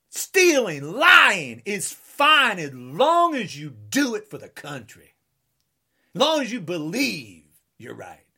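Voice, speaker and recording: A man's voice: high-pitched, pushed and bright, breathy edge. A man in his sixties delivering an angry political rant, combative and taunting, with heavy repetition. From United States. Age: 60s. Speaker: political ranter.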